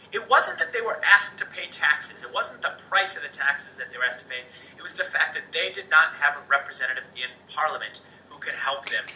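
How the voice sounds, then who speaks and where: A man teaching a recorded lesson, with a very bright, forceful voice that sits a little high. He talks casually, tossing in "um" and "right?" as he goes. The sound is echoey and a bit distant from the mic. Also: slight background noise. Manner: animated, conversational, many "um"s and "right?". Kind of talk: recorded homework lesson, study guide review.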